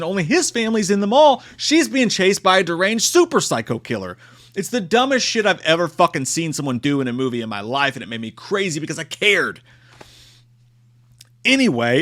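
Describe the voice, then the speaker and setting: A man's voice: mid-range voice, a bit bright. A man giving a casual, profane and exclamatory movie review.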